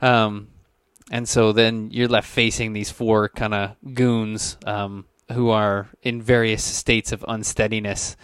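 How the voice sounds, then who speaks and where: A man's voice: fairly low pitch, a bit bright, clean tone, dry recording. A man narrating a tabletop game as game master, loose and rambling with many fillers.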